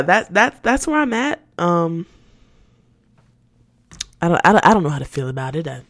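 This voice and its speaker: A woman's voice: on the low side, very animated, a little fast, long pauses, no room sound, clean studio sound. A woman hosting a casual solo podcast, talking candidly and animatedly, laughing often and repeating words as she searches for them. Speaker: podcast host.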